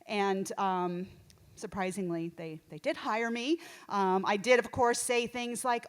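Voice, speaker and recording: A woman's voice: mid-range voice, unhurried. A middle-aged woman from Texas doing a rambling, self-deprecating stand-up set on a small theater stage. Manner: rambling, self-deprecating, lots of fillers and restarts. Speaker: stand-up comedian.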